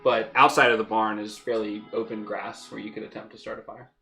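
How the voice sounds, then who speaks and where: A man's voice: lowish voice, little pitch movement, a little fast, gravelly, bright, forceful tone, soft background music. A man running a tabletop game as game master, laid-back and teasing.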